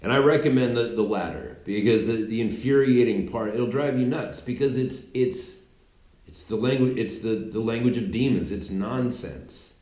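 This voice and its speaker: A man's voice: medium pitch, moderate pace, a little mellow. A man in his thirties giving a rambling, mocking political commentary monologue, full of restarts and fillers. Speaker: commentary channel host. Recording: roomy echoey room.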